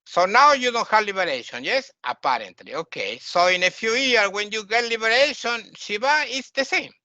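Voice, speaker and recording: A man's voice: high voice, lively intonation, moderate pace, pushed and bright, no room sound, muffled recording. A man teaching a spiritual lecture, explaining terms patiently and asking his listeners questions.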